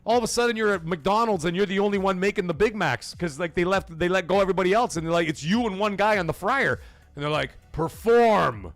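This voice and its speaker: A man's voice: quick pace, no room sound, faint music behind. A man hosting a gaming livestream, ranting casually with lots of swearing and rhetorical questions, acting out quoted voices. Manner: profane, animated, rhetorical questions; acts out quoted voices with pitch jumps. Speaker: livestream host.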